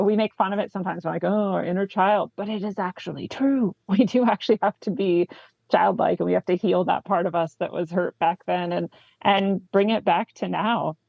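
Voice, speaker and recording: A low-pitched woman with a gravelly edge to her voice, talking eagerly through a book as co-host. Her voice sounds dry and close, on a dull, lo-fi recording. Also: fairly quick, no echo. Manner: enthusiastic, frequent "right?" asides. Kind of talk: casual book discussion, reading passages aloud.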